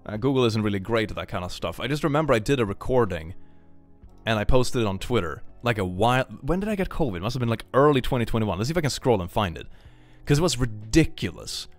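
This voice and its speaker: A man's voice: medium pitch, quick pace, soft background music. A man from Sweden, chatting playfully on a live stream and reading out supporters' messages. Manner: playful, animated, jokey. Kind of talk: casual live-stream chat, reading donations.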